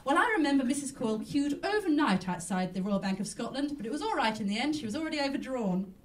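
A woman performs a stand-up character bit as a mock chat show host, rambling along in a prim, genteel manner. Her fairly high voice swoops up and down a lot in a sing-song way at a quick pace. The mic sits well back from her, so she sounds far off, with slight background noise.

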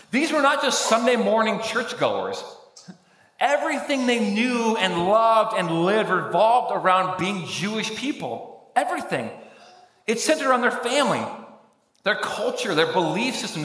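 Man preaching a lively, impassioned sermon. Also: high-pitched. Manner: impassioned, with dramatic pauses. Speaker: pastor. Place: church sanctuary. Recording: echoey church hall with faint music.

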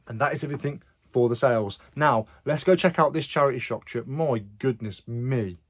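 A man's voice: medium pitch, quick pace, noisy background. A young British man chatting casually about his resale sales, swearing now and then and reading buyer messages aloud. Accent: British English. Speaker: reseller vlogger. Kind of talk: casual chat.

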